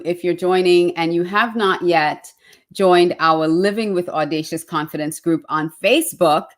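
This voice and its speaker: A woman hosting an online interview show, effusive and fumbling over her words, with many fillers. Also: on the low side. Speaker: show host.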